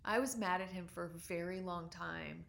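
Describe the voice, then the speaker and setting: A woman in her forties, a doctor, telling a personal story in an earnest, reflective way with frequent pauses and ums. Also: on the low side, creaky, a bit bright.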